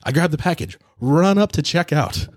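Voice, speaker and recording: A man's voice: fairly high pitch, animated, normal speed, dry recording, studio quality. A man hosting a casual podcast, rambling and joking as he tells stories, laughing often. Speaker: podcast host. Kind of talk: casual chat.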